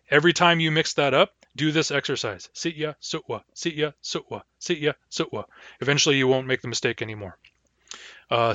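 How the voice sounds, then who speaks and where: A man's voice: mid-range voice, pushed and bright, no room sound. A man teaching a language, giving a pronunciation lecture and saying each example word twice as a model. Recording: dull, lo-fi dry recording.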